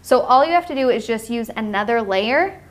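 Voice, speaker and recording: A woman's voice: on the high side, animated, fairly quick. Cheerful woman teaching watercolor live. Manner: cheerful, explains steps patiently, laughs often. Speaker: art instructor. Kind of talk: live painting tutorial.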